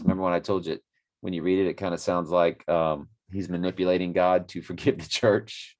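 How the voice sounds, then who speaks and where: A man's voice: sits low, fairly even intonation, brisk. A man hosting a daily Bible study, reading scripture aloud and musing on it in a rambling, self-correcting way. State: a bit winded after a workout. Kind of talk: casual Bible reading and commentary.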